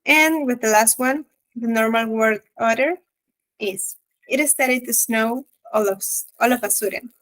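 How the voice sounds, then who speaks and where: Higher-voiced woman presenting grammar to class. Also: a little slow, fairly bright tone, poor audio. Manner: reads definitions and examples aloud with fillers. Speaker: student presenter.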